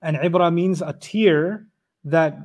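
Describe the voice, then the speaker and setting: A man with a fairly high voice gives an animated lecture on the Quran. He often poses questions to his listeners and recites Arabic passages quickly before explaining them. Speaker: Quran teacher.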